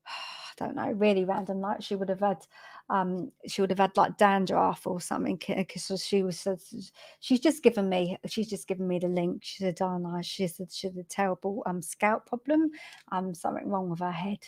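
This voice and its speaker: A woman giving a live psychic reading, hesitant and chatty, filling pauses with many ums. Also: mid-range voice, fairly even intonation, darkish tone. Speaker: spiritual medium giving readings.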